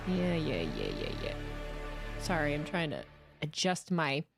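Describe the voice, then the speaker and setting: A woman's voice: low-pitched, huge pitch swings, unhurried, creaky, over loud music. A woman hosting a live watch-along stream, chatting playfully with her viewers and teasing them. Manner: playful, teasing, talks to her chat as "my darlings". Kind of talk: casual live-stream chat. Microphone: headphones with desk mic.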